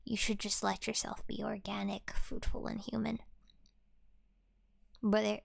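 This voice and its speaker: A young woman in a whispered role-play, soft-spoken and rambling, swearing freely and trailing off mid-thought. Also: mid-range voice, flat delivery, normal speed, gravelly, dry recording, studio quality. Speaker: ASMR creator.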